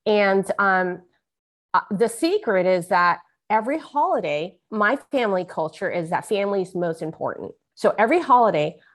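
Woman reading her own story on a show, earnest, vivid, mid-pitched voice. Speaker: guest author. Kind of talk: memoir reading and interview chat.

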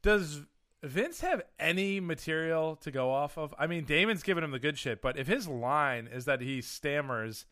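A man's voice: on the high side, expressive, moderate pace, pushed and bright. A man on a casual podcast playing devil's advocate, swearing and acting out quoted lines. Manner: argumentative, profane, acts out quoted lines. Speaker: podcast co-host. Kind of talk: casual chat.

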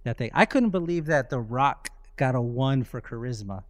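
A man co-hosting a podcast, telling stories excitedly and swearing freely in casual chat. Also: mid-range voice, moderate pace, dry recording, studio quality. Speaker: podcast co-host.

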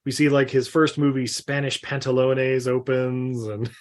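A man recapping a movie in casual chat, laughing often and quoting scenes in quick voices. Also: mid-range voice, flat delivery.

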